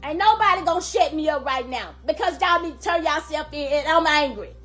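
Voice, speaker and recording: High, bright-voiced angry woman. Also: a little fast, faint music behind. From Louisiana, USA. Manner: angry, emphatic, repetitive. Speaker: grieving grandmother. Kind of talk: impassioned public plea.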